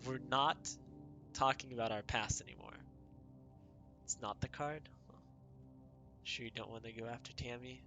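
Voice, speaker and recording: Excitable man streaming a story game. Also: medium pitch, music in the background. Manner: excitable and chatty, quick to exclaim. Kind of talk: let's play commentary.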